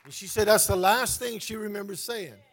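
A man's voice: high voice, steady tone, moderate pace, fairly bright tone. A man preaching a fervent sermon as pastor, calling out to his congregation. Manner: fervent, call-and-response preaching.

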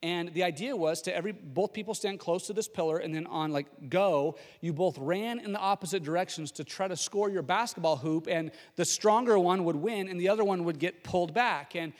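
High-voiced preaching man in a reverberant hall. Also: brisk, few pauses. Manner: lively storytelling, frequent restarts. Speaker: pastor. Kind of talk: sermon with a personal story.

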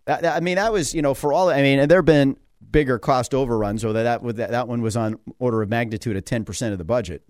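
A man's voice: medium pitch, quick pace, hardly any pauses, a little mellow, no echo, clean studio sound. A man hosting a talk radio show, telling a story animatedly with mock dialogue and frequent laughs.

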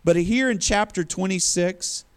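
A man's voice: sits high, measured pace, smooth. A male preacher giving a sermon in a conversational storytelling manner. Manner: conversational storytelling, acts out quotes.

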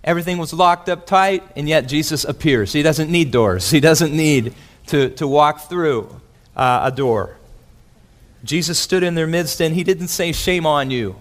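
A man preaching a sermon as pastor, animated, acting out quotes with big swings in his voice. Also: on the high side, unhurried. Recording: long hall reverb.

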